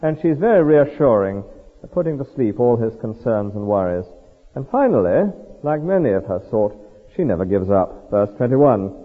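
A man with a slightly husky voice delivers a sermon, his pitch rising and falling a great deal as he explains scripture verse by verse. The sound is thin and tinny, like a phone line. A long reverb hangs around him, as in a large hall. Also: moderate pace. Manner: lively, explanatory, reads verses aloud and comments on them. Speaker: preacher.

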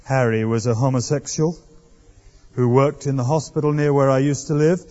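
A man's voice: medium pitch, fairly even intonation, normal speed, a little mellow. A man preaching a sermon, telling the story in a wry, conversational way. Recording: dull lo-fi recording in echoey hall.

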